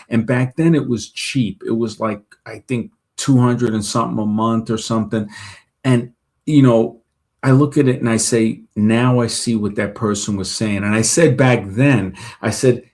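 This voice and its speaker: Rambling man with halting restarts. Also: medium pitch, fairly even intonation, darkish tone. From Brooklyn, New York. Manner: rambling, many restarts, acts out quoted people. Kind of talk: casual talk-show chat.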